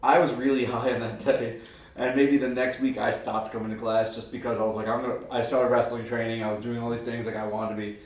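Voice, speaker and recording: Guy in his 30s cohosting, laughs a lot, rambly, sounds far off in a boomy room. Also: level tone, fast talker. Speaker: co-host. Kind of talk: casual chat. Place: room, on a couch. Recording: echoey room, distant mic, faint noise.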